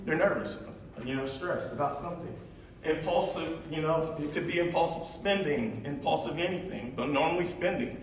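A man gives an informal presentation, full of fillers and easy laughter. His voice sits a little high. The sound comes from far off in a very reverberant room with faint noise behind. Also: normal speed. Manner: chatty, laughs often, many fillers. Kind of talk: informal talk with slides. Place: large echoey room.

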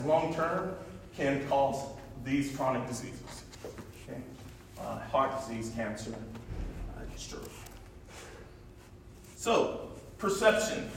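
A man giving a casual, chatty talk with slides, using plenty of fillers and laughing often. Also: a little high. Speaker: presenter. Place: large echoey room. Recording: echoey room from far off, faint noise.

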